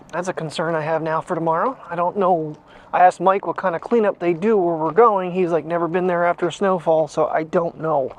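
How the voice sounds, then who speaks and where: A daily vlogger with a high-pitched, darkish voice rambles chattily, talking to the camera and to his dog. The recording sounds dull and lo-fi, with faint noise.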